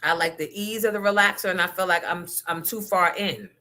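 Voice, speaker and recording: Speaking fairly fast in a rather low, bright and forceful voice, a podcast host shares frank, foul-mouthed stories and addresses her audience directly. The chat is casual, and a faint hiss or hum runs under the audio.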